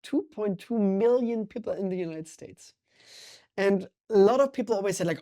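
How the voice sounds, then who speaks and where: A middle-aged man with a German accent talks as a guest in a podcast interview. He sounds energetic and emphatic, and his voice has a mellow, warm tone. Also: sits high, moderate pace. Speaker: guest, water sommelier.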